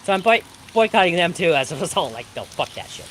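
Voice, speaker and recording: Talking fast in a medium-pitched, fairly bright voice with big pitch swings, a storm streamer from the US Pacific Northwest curses heavily while ranting on a live stream. It's recorded at home during a thunderstorm, with rain in the background and slight background noise.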